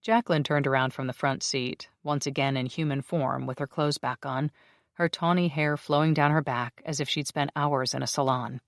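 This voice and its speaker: A steady, measured audiobook narration of a paranormal romance, with a medium pitch and level delivery. It is recorded close with a dry sound. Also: no room sound.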